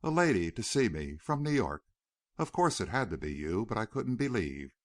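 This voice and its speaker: A man reading a gentle, wistful young veteran. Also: lowish voice, big pitch swings, normal speed, dry recording, clean studio sound.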